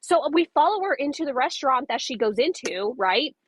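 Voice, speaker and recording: A woman's voice: high voice, big pitch swings, brisk, dry recording. A young woman recounting a street confrontation in a casual storytime video, emphatic and repetitive, with plenty of fillers.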